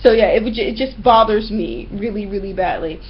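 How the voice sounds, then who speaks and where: A young woman vlogging at home, ranting bluntly and profanely about everyday pet peeves in a casual, animated storytelling manner. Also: medium pitch, a little fast, lo-fi sound, slight background noise. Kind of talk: casual ranting monologue to camera.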